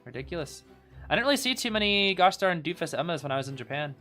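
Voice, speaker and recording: A man casually co-watching an esports final, reacting excitedly and often saying "bro". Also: on the high side, fast talker, faint music behind. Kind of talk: casual live watch-along commentary.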